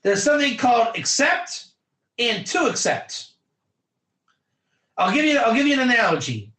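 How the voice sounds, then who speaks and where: A high-pitched man teaches an online class as a rabbi, his voice bright and ringing in an echoey room. He is animated, acts out little scenes and calls on students by name. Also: moderate pace. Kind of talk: lively online Torah class.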